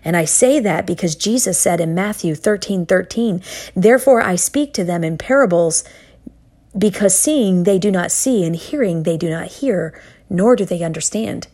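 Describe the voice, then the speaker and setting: Earnest woman preaching a slow sermon. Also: lowish voice, darkish tone. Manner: earnest, emphatic, slow dramatic pauses. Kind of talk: sermon with personal testimony.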